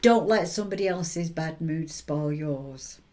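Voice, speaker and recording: A woman with a somewhat low voice talks through motivational advice in a chatty, encouraging way. She keeps checking in with the listener with quick tag questions, like someone coaching a friend. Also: darkish tone. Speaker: intuitive reader and advice giver. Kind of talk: motivational advice talk to camera.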